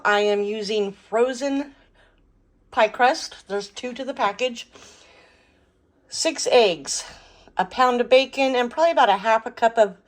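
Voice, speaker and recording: A woman with a slightly high voice talks through a home cooking vlog. She is middle-aged and chatty, and she explains each step as she works. She sounds relaxed and informal. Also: rough recording. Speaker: home cooking and garden vlogger.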